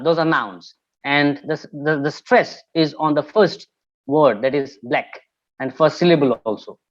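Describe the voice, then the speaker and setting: A male teacher gives an English pronunciation lesson in a careful, measured way. He often stops with hesitant fillers while explaining. The recording sounds a little muffled and lo-fi. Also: a little high. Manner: careful explanations, many "uh" pauses. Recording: slightly dull lo-fi recording.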